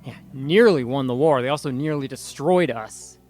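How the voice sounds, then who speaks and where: A man voicing a gruff, pessimistic older male veteran pilot in a tabletop game, blunt and folksy in his speech. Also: medium pitch, moderate pace, darkish tone, soft background music, close to an everyday voice. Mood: grim.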